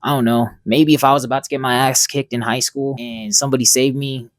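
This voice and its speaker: A man's voice: medium pitch, fairly even intonation, a little fast, no echo. A man giving a casual, rambling and profane commentary as a comic reviewer.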